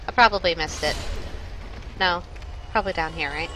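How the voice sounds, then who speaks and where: A woman's voice: lowish voice, moderate pace, sharp tone, a little hiss or hum, low-quality recording. A young woman streaming a video game live, chatting with her viewers and joking as she panics at what happens on screen. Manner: jokey, panicky, talks to chat. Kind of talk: live gameplay commentary.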